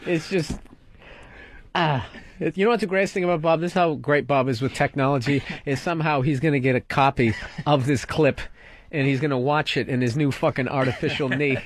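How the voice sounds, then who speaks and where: Sarcastic, high-voiced man ranting. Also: fairly even intonation, fairly quick, no room sound. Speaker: podcast co-host. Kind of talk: casual comedy podcast chat.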